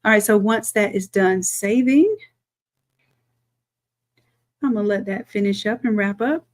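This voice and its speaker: Unhurried and mid-range, this woman leads a software tutorial on a live stream as a design instructor. She addresses viewers as y'all and narrates her thinking as she works.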